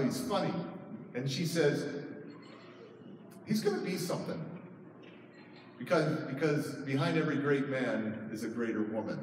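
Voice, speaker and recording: A man's voice: medium pitch, a little hiss or hum. A man in his thirties, a motivational speaker telling a personal story at a conference, acting out voices and laughing often. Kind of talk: storytelling keynote speech. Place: large conference hall. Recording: echoey hall from far off.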